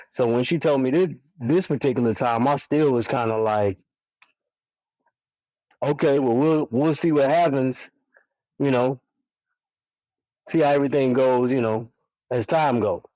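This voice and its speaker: A man in his forties tells a story in a loose, conversational way, voicing the people in it as he goes. His pitch sits in an ordinary middle range, and the sound is close and dry, with almost no room around it. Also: a little slow, pauses often, no echo, low-quality recording. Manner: relaxed, animated storytelling with quoted dialogue. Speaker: podcast guest, single father.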